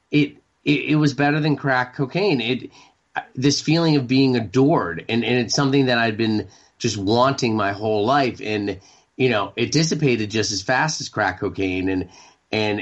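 Man in his 40s, from maine, low voice, halting speech full of fillers, dull lo-fi audio. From Maine, United States. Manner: halting, repeats words, many fillers. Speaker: guest. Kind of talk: candid interview talk.

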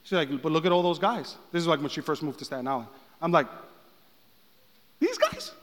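High-voiced pastor preaching in a big echoey hall, goes quiet then shouts. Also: male voice, quick pace, a little hiss or hum. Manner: swings from hushed to shouted preaching. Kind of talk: sermon. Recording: long hall reverb.

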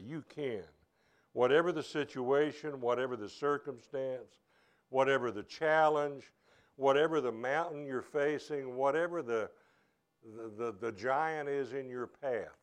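A male pastor preaching to his congregation in a church. His delivery is earnest and halting, with frequent restarts, and his voice sits at an ordinary middle pitch. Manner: earnest, halting, with many repeated starts. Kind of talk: sermon.

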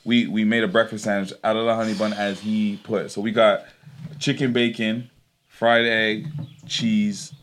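A man's voice: fairly low pitch, flat delivery, moderate pace, a bit bright. A young man hosting a podcast in casual chat, telling stories in a laid-back way with slang and swearing, recorded in a screened sunroom. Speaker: podcast host.

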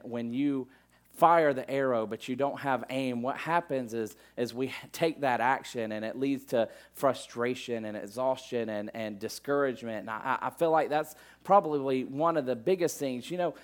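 A middle-aged male pastor preaching a sermon in a loose, conversational way, full of asides and fillers. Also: medium pitch.

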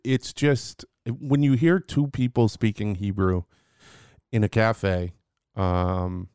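A man's voice: lowish voice, takes it slowly, darkish tone, smooth, no room sound, clean studio sound. A man co-hosting a casual podcast, chatty and jokey, rambling with restarts as he tells stories. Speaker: podcast co-host.

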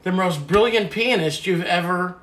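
An older man reflecting on his family history in a relaxed conversation, halting at times as he remembers. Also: high-pitched. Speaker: guest telling family history. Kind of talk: casual conversation.

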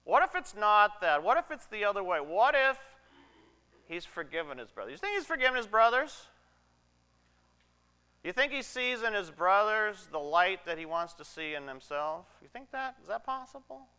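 A man playing a cynical, ambitious Egyptian official in a theatrical church monologue, musing aloud and swinging between loud lines and hushed asides. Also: sits high, very animated, moderate pace, few pauses, clear, resonant tone, heavily acted. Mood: wondering.

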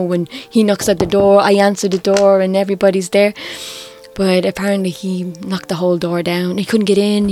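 A middle-aged Irish woman telling her own story, candid and reflective, quietly emotional. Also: mid-range voice. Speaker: interviewee. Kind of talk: personal testimony. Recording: faint music underneath.

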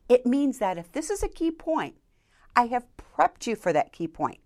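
Woman keynote speaker, lively swooping pitch, animated, emphatic. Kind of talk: conversational interview, coaching tips.

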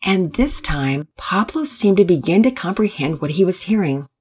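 A woman narrating a Christian family storybook in a gentle, expressive reading voice. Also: lowish voice, moderate pace, husky.

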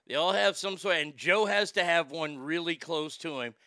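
Laughing gravelly-voiced man host. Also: a little high, normal speed, sharp tone, dry recording, studio quality. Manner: laughs often, crude jokes. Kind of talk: casual comedic commentary.

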